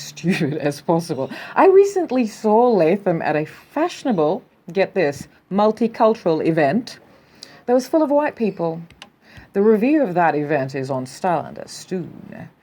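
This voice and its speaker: Casting: Australian woman news host, low-pitched, sardonic, riffing freely on the headlines she reads. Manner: sardonic, animated, reads headlines then riffs. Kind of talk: casual commentary on news.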